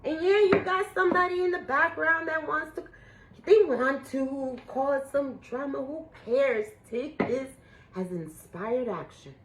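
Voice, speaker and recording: A woman doing a casual spiritual tarot reading for her viewers, emotional and a little profane, swinging between excited outbursts and hushed awe. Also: sits high, measured pace, a little hiss or hum, poor audio. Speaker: tarot reader.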